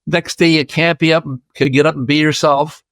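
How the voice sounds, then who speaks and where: A man's voice: a little high, fairly even intonation, brisk, fairly bright tone, no room sound. An older man from Iowa, a podcast guest, chatting through a rambling personal story and acting out the voices of people he quotes.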